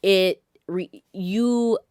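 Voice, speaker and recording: A woman co-hosting a podcast, a mother sharing a family story in a candid, animated, casual way with frequent laughter. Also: mid-range voice, extremely slow, clear, resonant tone, no room sound, clean studio sound. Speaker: podcast co-host; mother of several children.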